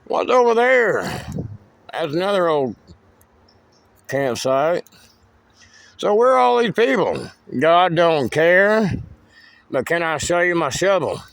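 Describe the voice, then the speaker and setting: A man's voice: on the high side, animated, slow, vocal fry, pauses often, no echo. A man giving a rambling, cryptic walking tour of his wooded land outdoors, swearing freely. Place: outdoors in woods.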